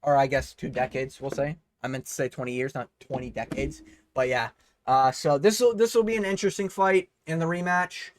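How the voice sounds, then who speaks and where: A man's voice: on the high side, normal speed, slight background noise. A man hosting a vlog breakdown of a fight card, ranting heatedly with plenty of swearing. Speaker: host.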